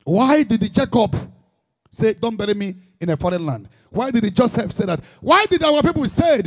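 A man's voice: high-pitched, sing-song, moderate pace. A man preaching an impassioned sermon in Igbo-accented Nigerian English, dropping in Igbo phrases.

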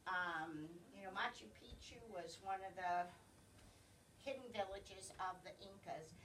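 A woman's voice: mid-range voice, a little slow, fairly bright tone. A woman with a Southern American accent giving a chatty, digressive talk at a library, often losing her place and getting it back. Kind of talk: informal slide presentation. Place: library meeting room. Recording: distant room recording, faint hiss.

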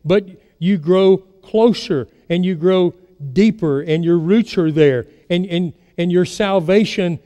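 Preacher with a higher, mellow voice. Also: male voice, slow pace, few pauses, in a large hall. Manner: storytelling preacher, asks the congregation questions. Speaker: pastor. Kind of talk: sermon. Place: church sanctuary.

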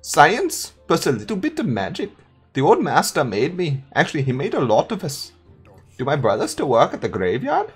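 A woman voicing a polite, gentle male zombie with a put-on German accent, in a higher sing-song voice. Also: huge pitch swings, normal speed, husky, soft background music, exaggerated voice. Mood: genial. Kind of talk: voicing game dialogue.

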